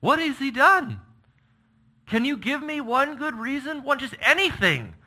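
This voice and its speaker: A preacher putting on a young prince who pleads for his friend, his voice jumping high, loud and strained. The tone is very bright and sharp, and the pitch swings widely. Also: big pitch swings, a little slow, exaggerated voice. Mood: pleading.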